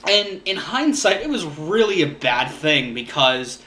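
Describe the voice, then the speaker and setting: A man's voice: a little high, big pitch swings, a little slow, bright, forceful tone, reverberant, slight background noise. A young man from Florida chatting to camera as a YouTuber, earnest and rambling with fillers, his cheek swollen after a tooth was pulled. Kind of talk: casual talk to camera.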